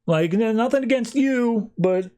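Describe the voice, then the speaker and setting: A man doing a high, blunt small-town barbershop gossip. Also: expressive, measured pace, mellow, clear, resonant tone. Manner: rambling, hedging with fillers.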